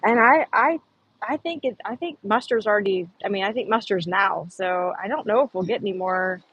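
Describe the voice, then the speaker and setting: A woman's voice: mid-range voice, fairly quick, a bit bright, husky, lo-fi sound. A woman chatting casually on an outdoor livestream, rambling and answering viewer comments. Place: outdoors on a humid morning.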